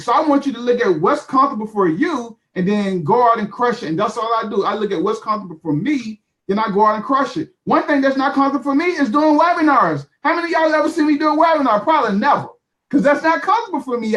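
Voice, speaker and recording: A man's voice: sits high, a bit bright. A young adult man telling his marketing story in an emphatic, repetitive, motivational way on a live call. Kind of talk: animated talk on a live call.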